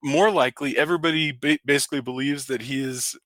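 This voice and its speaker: A man's voice: medium pitch, fairly even intonation, fast, fairly bright tone, no room sound. A man co-hosting a podcast, chatting casually about a film and often restarting his sentences. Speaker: podcast co-host. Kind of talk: casual film review chat.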